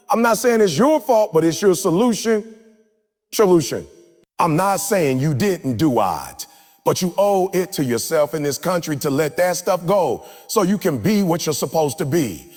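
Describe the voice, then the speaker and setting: A man's voice: on the high side, big pitch swings, normal speed. A man giving a live motivational speech to a crowd in a large hall, preaching and leading the audience in call-and-response chants. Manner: forceful, repetitive exhortation. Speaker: motivational speaker. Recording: long hall reverb with faint music.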